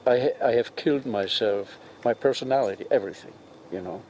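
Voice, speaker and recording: A man's voice: mid-range voice, brisk, over loud music. Older man with a Czech accent. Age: 70s. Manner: earnest, retells with quoted dialogue. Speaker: interviewee. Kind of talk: personal testimony.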